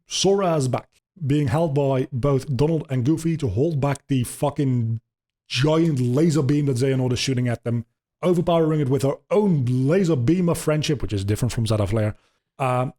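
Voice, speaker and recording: A man talks through video game lore in a loose, rambling way, full of ums and casual swearing. His voice is mellow and mid-pitched, and his manner stays relaxed. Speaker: podcast host.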